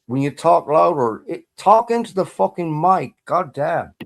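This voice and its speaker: A man's voice: on the high side, expressive, measured pace, gravelly. A man from the UK hosting a livestream, brash and sweary, impatiently repeating himself as he grills a caller. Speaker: streamer.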